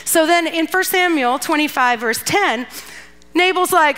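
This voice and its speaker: Bright, chatty woman preaching. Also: high-pitched, brisk. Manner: chatty and playful, acting out characters with asides and laughs. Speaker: guest speaker at a church youth event. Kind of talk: casual storytelling sermon.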